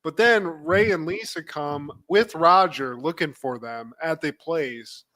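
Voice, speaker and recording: A man co-hosting a casual livestream, retelling scenes from a show with lively acted-out quotes and frequent laughter. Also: a little high, takes it slowly. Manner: animated storytelling, acts out quotes, laughs often. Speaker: podcast co-host. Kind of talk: casual recap chat.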